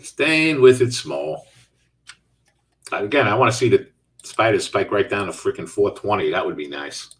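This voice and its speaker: Middle-aged male trading host, lowish voice, loose live-chat delivery, sitting a little back from the mic. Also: animated, a little fast, fairly bright tone, recorded from a distance. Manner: casual, reads out and answers viewer chat while trading. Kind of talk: live trading stream commentary.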